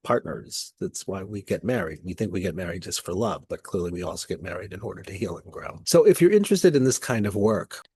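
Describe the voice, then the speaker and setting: Soft-spoken male therapist, husky low voice. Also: expressive, fairly quick, few pauses, no room sound. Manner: soft-spoken, reflective, loosely phrased storytelling. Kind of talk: recounting a therapy session.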